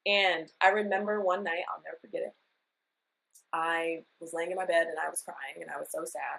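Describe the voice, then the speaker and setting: Woman with a low voice, confessional. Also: a little fast, vocal fry, a bit bright, poor audio. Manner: emotional, confessional storytelling; acts out her past self in quotes. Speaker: podcast guest. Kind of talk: candid casual chat.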